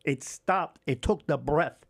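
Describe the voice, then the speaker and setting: A man's voice: a little high, takes it slowly, creaky. Older man telling his story with feeling. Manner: animated, acts out remembered dialogue; emotional, swears freely. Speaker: podcast guest. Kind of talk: candid storytelling interview.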